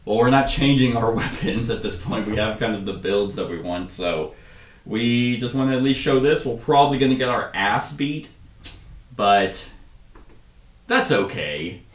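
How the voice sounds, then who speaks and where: A man's voice: medium pitch, lively intonation, normal speed, distant mic. A man hosting a board game playthrough, chatting casually and jokingly, and reading story text aloud. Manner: joking, laughs at his own reading. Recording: roomy sound from away from the mic.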